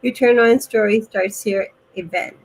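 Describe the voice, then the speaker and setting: A woman's voice: fairly high pitch, fairly even intonation, unhurried, slightly rough, poor audio. A woman co-hosting a live stream, cheerfully reading viewer comments aloud.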